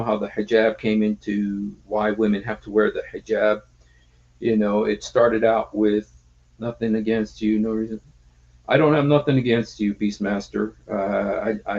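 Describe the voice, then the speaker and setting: A man chats casually on a livestream, stopping and restarting often. His voice has a gravelly texture, and the stream audio is muffled and low-fidelity. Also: a little mellow. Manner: halting, many fillers and restarts. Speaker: livestream host.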